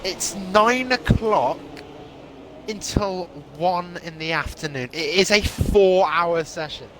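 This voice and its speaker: A young adult man with a high voice speaks slowly against a noisy background. Commentating a sim racing stream, he's casual and jokey, laughing and occasionally swearing while battling hiccups.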